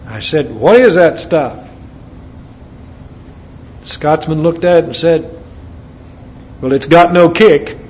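American guy preaching, folksy side stories, kinda high voice, muffled lo-fi sound. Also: expressive, slow, long pauses, darkish tone. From United States. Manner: folksy asides between scripture readings. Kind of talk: sermon. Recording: dull lo-fi recording with faint background noise.

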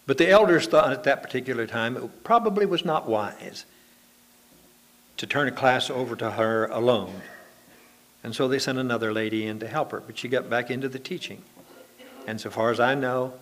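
A man's voice: mid-range voice, moderate pace, a bit bright. A man preaching a sermon to his congregation, telling homely anecdotes in a conversational, folksy way.

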